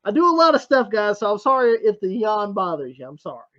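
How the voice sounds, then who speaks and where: A man's voice: sits high, sing-song, fast, a bit bright, muffled recording. A tired man hosting a podcast, rambling in casual chat with lots of fillers and swearing. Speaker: podcast host.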